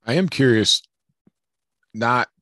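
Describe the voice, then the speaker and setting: A man's voice: medium pitch, slow pace, bright, forceful tone, no room sound, studio quality. A young man co-hosting a casual podcast, chatty and curious, asking questions and teasing his co-host. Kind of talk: casual chat.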